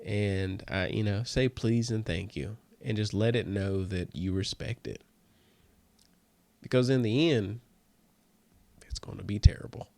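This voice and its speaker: A man hosting a comedy podcast, rambling and joking in a casual monologue that drifts into soft mutters. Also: on the low side, measured pace, dry recording. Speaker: podcast host.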